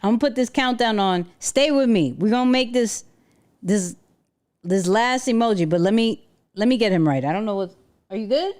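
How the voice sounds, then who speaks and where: A woman's voice: medium pitch, expressive, normal speed, darkish tone. A woman hosting a casual livestream from home, chatting with viewers and talking to her dog. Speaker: livestream host.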